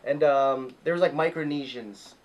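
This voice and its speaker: A man hosting a casual podcast, telling a story in a profane, excitable way. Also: on the high side, normal speed. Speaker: podcast host.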